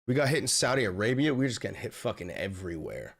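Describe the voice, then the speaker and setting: A man hosting a live stream and reacting to the news, swinging between yelling, profane outbursts and low muttering. He swears constantly. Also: very animated, fast, vocal fry. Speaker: livestream host reacting to news.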